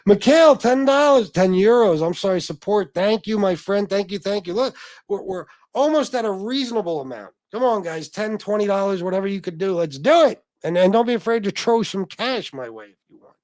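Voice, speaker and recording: A man's voice: sits high, expressive, brisk, darkish tone, no room sound. Blunt, profane livestream host man. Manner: profane, blunt, addresses chatters as bro. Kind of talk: casual livestream chat reading comments.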